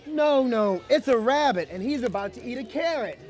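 A man's voice: very high voice, expressive, normal speed, some chatter behind. A man reading a picture book aloud to children at an outdoor event, playful and calling out questions to them. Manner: playful, calls out questions to the kids. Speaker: storybook reader for children. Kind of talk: lively read-aloud to a young crowd.

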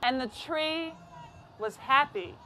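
A woman reading a children's story aloud in a soft, deliberate way. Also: high-pitched, faint music behind.

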